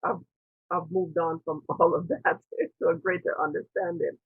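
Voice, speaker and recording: A woman interviewer speaks over a tinny, phone-like video call with a gravelly, husky texture to her voice. She talks earnestly and wanders through her story, voicing her own past thoughts as quotes. The sound is dry and close. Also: fairly low pitch, sing-song, normal speed, no echo. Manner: earnest, digressive, with quoted inner dialogue. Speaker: spiritual interviewer and priestess. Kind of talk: reflective personal storytelling.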